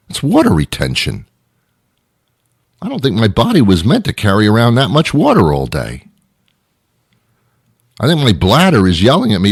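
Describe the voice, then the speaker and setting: A man's voice: mid-range voice, huge pitch swings, moderate pace, slightly rough, dry recording, clean studio sound. A middle-aged man hosting a radio show, delivering an exasperated, rambling comedic monologue full of repeated questions.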